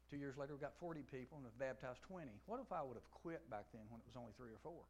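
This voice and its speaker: A middle-aged man preaching a sermon to a youth audience, telling the story with animation and acting out dialogue, swinging from loud to hushed. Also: medium pitch, expressive, fast talker, few pauses, slightly rough. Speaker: pastor. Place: large room before a youth audience.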